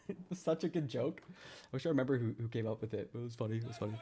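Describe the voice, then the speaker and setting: A man's voice: medium pitch, fast, a little mellow. A man from Wisconsin livestreaming, joking sarcastically, laughing a lot and chatting with his viewers. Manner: jokey, sarcastic, laughs often, chats with viewers. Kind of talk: casual livestream commentary.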